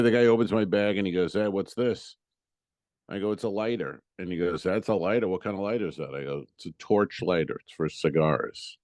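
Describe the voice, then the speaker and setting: A comedian in casual podcast talk, his voice low and recorded dry and close. He tells stories in an exasperated, profane way and acts out the people in them. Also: darkish tone, no room sound. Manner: profane, exasperated storytelling with acted-out quotes. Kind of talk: casual storytelling chat.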